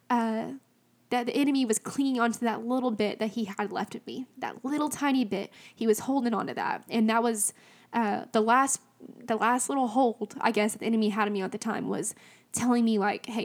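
Young woman, fairly high voice, emotional and near tears, casual testimony, lots of fillers. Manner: casual, filler-heavy, chatty with many "like"s and "um"s. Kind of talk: personal faith testimony, storytelling.

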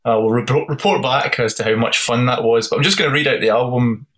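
A man co-hosting a music podcast, talking casually with many ums and pauses. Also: mid-range voice, fairly bright tone, rough recording. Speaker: podcast co-host.

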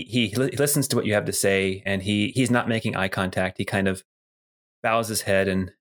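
A man narrating as game master of a tabletop role-playing game, relaxed, with frequent ums and restarts. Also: sits low.

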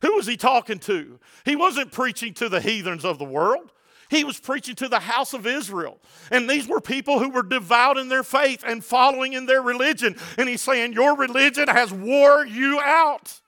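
A middle-aged male pastor preaching a sermon, swinging between shouted passages and hushed low asides, with playful jokes for the congregation. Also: lively intonation, moderate pace.

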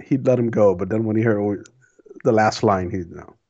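A man playing a tabletop game who talks in a relaxed, laid-back way. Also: on the low side, moderate pace. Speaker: player. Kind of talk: casual tabletop game play. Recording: dull lo-fi audio.

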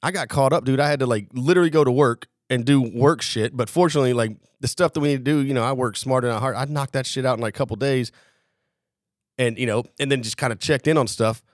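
A man's voice: mid-range voice, quick pace, no room sound. Brief: man, casual profane storyteller, plays out quotes, dry close mic. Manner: animated, profane, acts out quotes. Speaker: podcast co-host.

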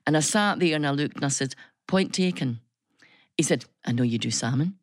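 A middle-aged Scottish woman, a business leader and radio guest, telling stories in an animated, chatty way with frequent restarts. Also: sits low, a little fast, dry recording, clean studio sound. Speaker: business chamber chief executive, guest. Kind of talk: casual radio chat.

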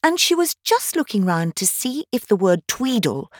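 A woman's voice: on the high side, big pitch swings, normal speed, no echo, studio quality. A woman in her thirties reading a classic novel aloud as a volunteer audiobook narrator, telling the story expressively. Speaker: volunteer reader.

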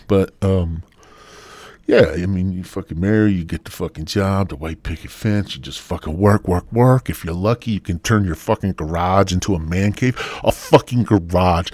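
A man's voice: sits low, normal speed, dry recording. Sardonic, foul-mouthed man in his sixties. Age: 60s. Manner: crude, swearing, sardonic. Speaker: podcast host. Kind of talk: profane comic rant.

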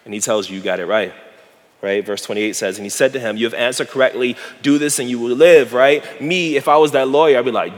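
A man preaching a casual, slangy sermon, animated and laughing often as he retells a Bible passage. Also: mid-range voice, quick pace. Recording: hall reverb.

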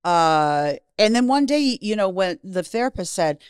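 A woman's voice: mid-range voice, animated, unhurried, clean tone, dry recording, studio quality. A middle-aged woman from Canada, a guest in an interview, telling personal stories candidly and bluntly, with some swearing. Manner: frank, profane, acts out quoted voices. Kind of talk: candid storytelling.

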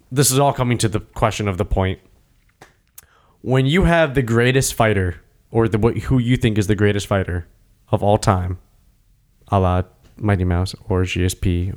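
A man hosting a casual chat about fighting, talking animatedly and acting out scenes. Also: lowish voice. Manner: animated, acts out scenes with voices. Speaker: podcast host.

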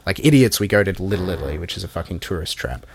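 A man's voice: sits low, fast talker. Sweary Australian man telling stories. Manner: swears a lot, animated storytelling. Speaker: podcast co-host. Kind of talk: casual chat.

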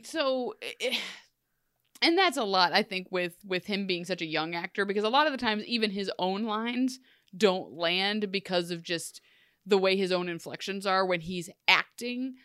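A woman's voice: medium pitch, expressive, normal speed, a bit bright, smooth, no echo, clean studio sound. A woman co-hosting a casual TV recap podcast, enthusiastic and opinionated, often laughing. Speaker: podcast co-host.

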